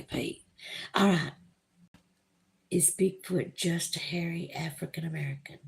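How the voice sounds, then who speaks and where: A woman's voice: fairly low pitch, gravelly. A woman with a Southern US accent hosting a livestream, reading viewer comments aloud in a gushing, emotional, chatty way. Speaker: livestream host. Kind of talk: casual live chat reading viewer comments.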